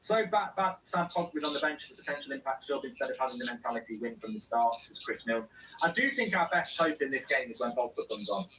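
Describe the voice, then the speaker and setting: A man's voice: medium pitch, lively intonation, fast talker, pushed and bright, slight background noise. Man, live watchalong host, reads chat comments aloud, casual, a little distant from the mic. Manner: reads viewer comments aloud and answers them.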